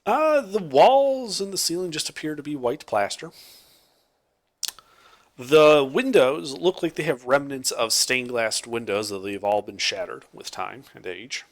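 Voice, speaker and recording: A young man narrating as game master of a tabletop game, describing scenes with lively, casual detail and fillers. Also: mid-range voice, a little slow.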